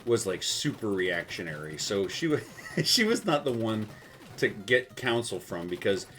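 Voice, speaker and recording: A man's voice: fairly low pitch, sing-song, a little slow, a bit bright, faint music behind. A man from South Texas telling a rambling, self-mocking story while he plays a game, laughing often. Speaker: gaming video host. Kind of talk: storytelling over gameplay.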